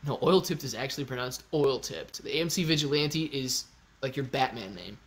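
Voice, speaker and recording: A man hosting a casual live stream, chatty and excitable, talking straight to his viewers. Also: mid-range voice, brisk. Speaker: livestream host.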